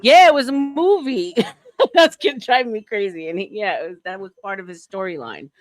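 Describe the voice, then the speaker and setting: A woman's voice: medium pitch, animated, normal speed. A woman hosting a casual group voice chat, teasing and laughing as she talks. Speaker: stream host.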